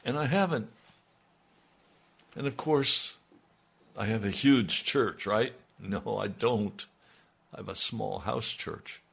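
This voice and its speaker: Older male radio pastor, low-pitched and gravelly, slow earnest delivery. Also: a bit bright. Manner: slow, earnest, dropping to near-murmurs. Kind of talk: radio sermon.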